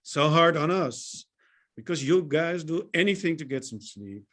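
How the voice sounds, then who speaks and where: A man's voice: a little high, expressive, measured pace, fairly bright tone. A man from the Netherlands with a Dutch accent doing a stand-up set over a video call, joking and laughing at his own lines. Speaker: stand-up comic.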